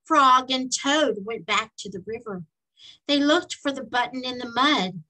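A woman storyteller reading a children's book aloud in a slow, expressive way. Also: on the high side, low-quality recording.

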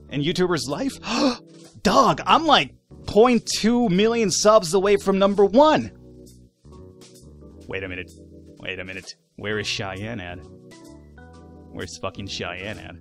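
A man giving casual, animated let's-play commentary, swearing, laughing and talking back to the game's characters. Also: high-pitched, measured pace, long pauses, faint music behind. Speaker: gaming YouTuber.

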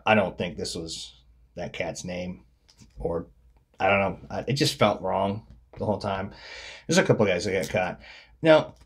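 Brief: a male hobbyist chatting loosely over his cards, teasing and dry, voice fading into mutters. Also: fairly low pitch. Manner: wry, mocking, trails off with mumbled asides. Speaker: card collector showing his cards. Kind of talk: casual commentary on baseball cards.

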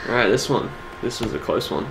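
A man co-hosting an online awards show in casual chat, laid-back and quick to laugh. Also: medium pitch, lively intonation, gravelly, fairly bright tone, slight background noise, low-quality recording. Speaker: awards co-host.

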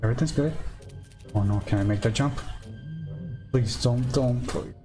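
A jumpy man streaming a game, loud music under him. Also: mid-range voice, normal speed. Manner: jumpy, panicky, talks to himself and the game, mild swearing. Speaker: gamer streaming his play. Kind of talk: live let's-play commentary.

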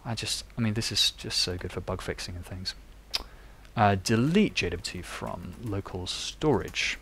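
Here a young developer streams a live coding tutorial, talking through his thoughts as he writes code. He has a fairly low, husky voice with a somewhat bright tone, and he takes his time.

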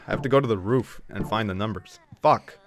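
A man's voice: on the low side, moderate pace. A man live-streaming a video game, chatting casually and trash-talking his chat with lots of swearing.

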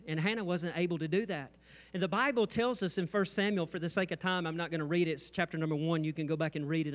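A man pastor preaching a sermon on stage, mixing humor and asides with mounting intensity. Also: a little high. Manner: jokes and asides, rising intensity. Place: church stage.

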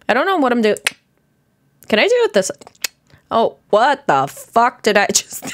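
A young woman chatting casually on her reaction channel, excitable and profane, laughing often and drawing out her exclamations. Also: mid-range voice, a little fast. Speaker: music reaction YouTuber.

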